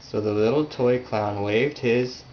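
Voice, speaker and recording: A man patiently reading a picture book aloud to a child at home, gently prompting along. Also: mid-range voice, measured pace, highs cut off, noisy background. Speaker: reader.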